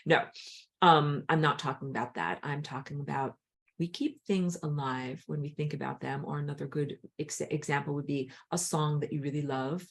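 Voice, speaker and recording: A woman with a dry throat teaching an online spiritual class, talking in an animated way and jumping high when she acts out a crying child. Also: moderate pace, creaky. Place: outdoors on a hot day.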